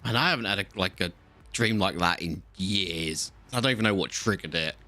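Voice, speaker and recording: Bright-voiced man chatting on stream. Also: sits low, a little fast. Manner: rambling, chatty storyteller. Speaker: game streamer. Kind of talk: casual chat on a live stream. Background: faint music.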